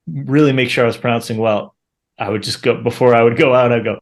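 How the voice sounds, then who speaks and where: A man in casual conversation, speaking in a measured, thoughtful way as a guest. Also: mid-range voice, fairly even intonation. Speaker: English teacher, guest.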